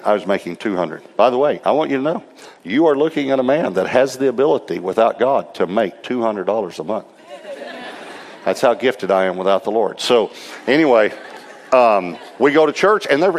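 Low-voiced man preaching in a reverberant hall. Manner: humorous, animated storytelling with quoted voices. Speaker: pastor. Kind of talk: sermon storytelling.

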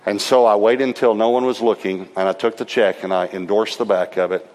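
During a church service, a lively male preacher with a low voice tells a sermon story a little fast. He laughs and acts out the quotes, and the large hall adds a long reverb.

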